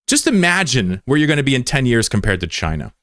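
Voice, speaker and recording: American guy streamer, mid pitch, swinging intonation, dry close sound, picks fights with chat. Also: big pitch swings, fast talker, a bit bright, dry recording. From United States. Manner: taunting, combative, profane. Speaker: livestreamer. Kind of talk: casual livestream chat.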